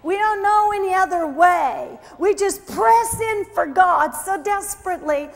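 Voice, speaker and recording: A woman preaching at a conference, exuberant, with shouted exclamations and frequent laughter. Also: extremely high pitch, unhurried, vocal fry. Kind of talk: sermon. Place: conference hall. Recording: echoey hall with faint crowd. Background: faint crowd.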